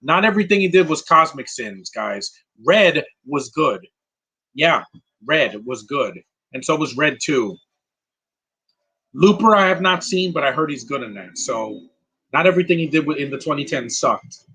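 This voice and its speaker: A man giving casual live movie commentary, rambling and answering viewers' questions with quick opinions. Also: a little high, expressive, bright, forceful tone, slightly rough, low-quality recording.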